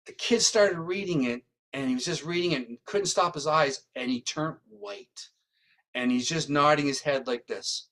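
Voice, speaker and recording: A guest on an interview, this psychic medium and criminal profiler has a voice on the high side and speaks at a moderate pace. He recounts a story animatedly, frequently ending lines with "right?"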